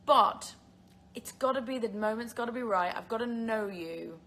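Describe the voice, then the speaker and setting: A woman's voice: on the high side, normal speed, fairly bright tone, slight background noise. A young English woman reading out fan questions and chatting casually on a phone livestream, often laughing and using filler words. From England. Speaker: actress answering fan questions. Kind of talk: casual live-stream chat.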